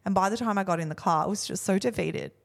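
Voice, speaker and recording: A woman in her thirties talks through a casual podcast chat. She mocks herself and acts out quotes of what people said. Her pitch sits mid-range. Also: quick pace, gravelly. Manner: chatty, self-mocking, acts out quotes. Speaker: podcast co-host.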